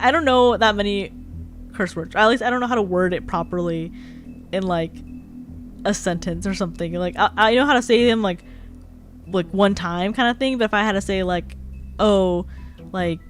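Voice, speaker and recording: A young adult woman chatting casually on a live stream, rambling and filling her talk with "like". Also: medium pitch. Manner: chatty, rambling, heavy use of "like". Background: faint background music.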